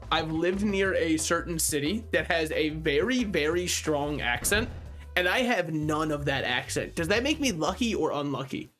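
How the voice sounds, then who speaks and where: A young man talks fast and loose over a game stream, riffing and swearing as he plays. His voice sits on the higher side for a man. Quiet game music plays behind him. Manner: joking, rambling, animated, swears freely. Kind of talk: casual gaming stream chatter.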